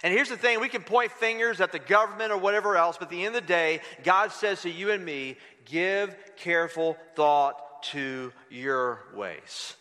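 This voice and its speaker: A man's voice: high-pitched, fast talker, hardly any pauses, pushed and bright, big-room sound. A man preaching a sermon, quoting scripture with dramatic emphasis and leading the congregation in reading aloud. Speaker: pastor.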